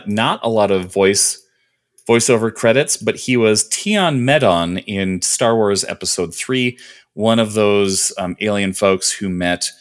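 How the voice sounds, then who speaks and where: His voice leans low but sounds fairly bright. As a podcast co-host in casual conversation, he lists trivia in a rambling way, heavy on fillers like um and uh.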